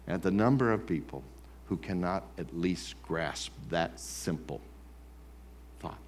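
A man preaching a sermon in a church, animated, moving from quiet, low passages to loud ones and acting out an accuser's voice. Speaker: pastor. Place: church sanctuary.

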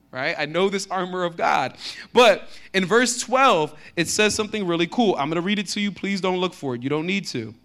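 A man with a Texan accent preaching a sermon, reading scripture slowly and growing more forceful on his main points. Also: high voice. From Texas. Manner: conversational preaching that builds in force on key lines; slows down to read scripture aloud. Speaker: pastor.

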